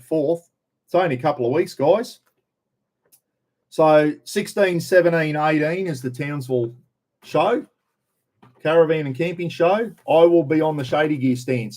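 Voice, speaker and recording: A man's voice: a little high, a little mellow. A middle-aged Australian man from Queensland hosting a livestream, chatting casually and answering viewer comments in a rambling, jokey, blokey way. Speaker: livestream host.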